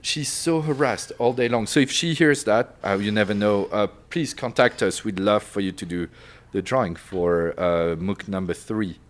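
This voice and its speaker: A man from France with a French accent, chatting casually as a podcast guest, with easy halting restarts. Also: on the low side. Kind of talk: casual chat.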